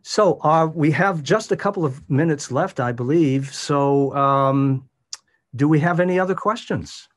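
This is an instructional presentation from a man coaching voice in an online workshop, captured through a video call. He talks in a measured, demonstrative manner and changes his pitch for emphasis.

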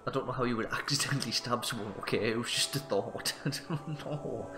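A man's voice: mid-range voice, brisk. A man doing jokey, self-mocking let's play commentary on a story game. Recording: roomy sound with faint music.

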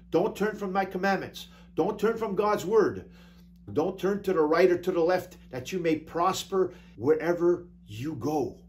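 A man pastor preaching a sermon, reading scripture slowly with drawn-out emphasis and scattering hallelujahs between points. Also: fairly high pitch. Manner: peppers talk with hallelujahs.

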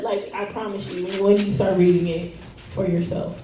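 A woman at a church service delivers a conversational sermon in a church hall, using everyday slang, many fillers and light laughter. Her mid-range voice is dark in tone, fairly even in intonation and at normal speed. Echo, faint noise and distance from the mic mark the recording.

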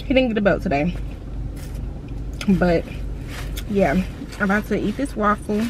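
A woman's voice: medium pitch, lively intonation, a little slow, background noise. A young woman chatting casually to her viewers in a slangy vlog, often laughing, at times from a car. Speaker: vlogger. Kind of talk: casual vlog chat to camera.

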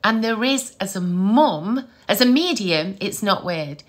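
A middle-aged woman, a psychic medium telling family stories in a chatty, animated way and laughing often. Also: medium pitch, unhurried. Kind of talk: casual storytelling to camera.

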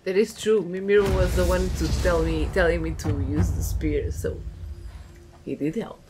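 A woman's voice: fairly low pitch, steady tone, moderate pace, noisy background. A woman casually commenting while playing a video game, laughing often and swearing freely. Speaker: gameplay streamer. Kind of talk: casual let's-play commentary. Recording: game music behind voice.

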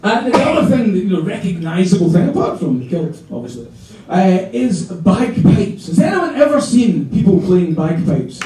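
A Scottish man doing a stand-up comedy set, animated and mock-indignant, with swearing. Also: sits high, a little slow, noisy background. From Scotland. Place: comedy club stage. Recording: echoey club, distant mic, audience laughter. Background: audience laughing.

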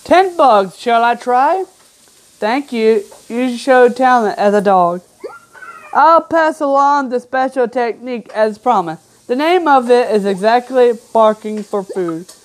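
A woman's voice: on the high side, lively intonation, takes it slowly. A woman giving casual gameplay commentary, reading game text aloud with chatty, offhand asides. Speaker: gamer.

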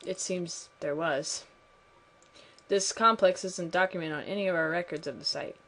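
A woman's voice: fairly low pitch, moderate pace, fairly bright tone. A woman reading the lines of a put-upon building inspector in a game, plainly and matter-of-factly.

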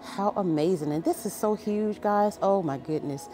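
A woman's voice: medium pitch, normal speed, dark tone, slight background noise. A woman vlogging as she walks through a furniture store, gushing over each piece in a casual, enthusiastic way. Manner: gushing, enthusiastic, exclaims often. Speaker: shopping vlogger. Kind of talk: casual store walkthrough vlog. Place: large furniture store, indoors.

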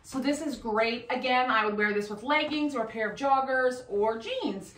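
A middle-aged woman chatting casually at home, unhurried as she describes clothes she is trying on. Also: fairly high pitch, fairly bright tone, roomy sound. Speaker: fashion vlogger. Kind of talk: casual try-on haul chat.

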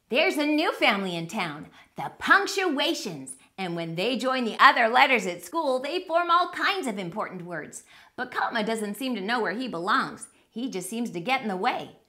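Woman storyteller for children, somewhat high, animated, bright tone. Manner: animated, sing-song. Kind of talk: picture book read aloud.

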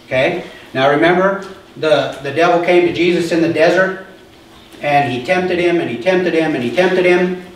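A man with a high voice preaches a sermon in a relaxed, chatty way, often asking his listeners whether they follow. He is picked up from a distance in a very echoey church hall. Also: moderate pace, a little hiss or hum. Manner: conversational preaching, asks the congregation questions. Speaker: pastor.

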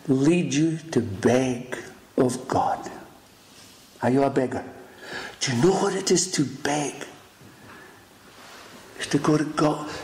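A man preaching a sermon in an emphatic, dramatic style, swinging between loud rises and hushed lines. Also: fairly high pitch. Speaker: pastor. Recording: echoey room with faint noise.

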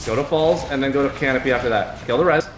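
A man's voice: medium pitch, racing. A man commanding his team in a live online game, giving urgent, repeated orders. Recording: echoey, noisy game capture. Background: gunfire from game.

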